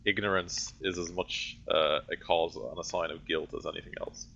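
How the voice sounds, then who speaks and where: A man's voice: low voice, steady tone, normal speed, creaky, fairly bright tone, breathy edge, exaggerated voice. A man voicing a cold, severe male Inquisitor who delivers curt pronouncements. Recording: dull lo-fi audio.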